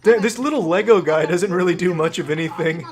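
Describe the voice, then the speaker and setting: A man's voice: high-pitched, fairly quick. A man giving sarcastic, swearing mock sportscaster commentary over video clips.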